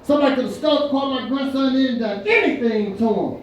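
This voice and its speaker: A man's voice: very high voice, fast talker. Older man telling stand-up stories. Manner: folksy, laughs at own punchlines. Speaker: stand-up comedian. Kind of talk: stand-up storytelling. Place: winery event room with live audience. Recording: echoey room from far off, crowd laughter.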